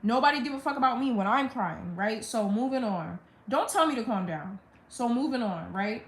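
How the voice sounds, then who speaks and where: A woman's voice: fairly high pitch, lively intonation, moderate pace. A young woman on a live stream, venting a blunt, profane storytime rant about her family. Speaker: livestreamer. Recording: roomy echo.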